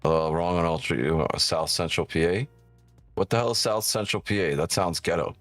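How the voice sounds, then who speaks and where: A man's voice: deep voice, moderate pace, fairly bright tone, dry recording, faint music behind. A man hosting a live trading stream, joking and teasing viewers in casual, profane banter. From New York.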